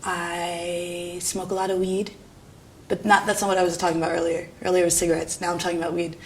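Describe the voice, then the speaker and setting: Young new girl, art student, jokey and sweary, laughs a lot, bit of low rumble in the background. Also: level tone, brisk. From New York. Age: young adult. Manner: irreverent, self-mocking, laughs often, swears casually. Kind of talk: candid documentary interview.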